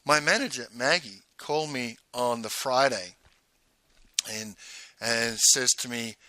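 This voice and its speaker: A man's voice: medium pitch, unhurried, bright, forceful tone, no echo, poor audio. A man, a former salesman, telling his own story frankly, with bursts of indignation. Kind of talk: candid personal storytelling.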